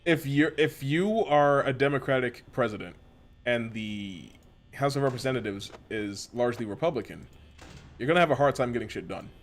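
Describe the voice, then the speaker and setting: Streaming a game, this western U.S. man chats casually and profanely, rambling with plenty of slang. He speaks in a mid-range voice with lively intonation at a moderate pace, against slight background noise.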